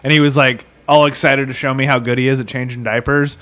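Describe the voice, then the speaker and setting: A man's voice: mid-range voice, level tone, fast, a bit bright. A man in his thirties in a casual podcast chat, joking and teasing the others. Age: 30s. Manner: teasing, trolling banter.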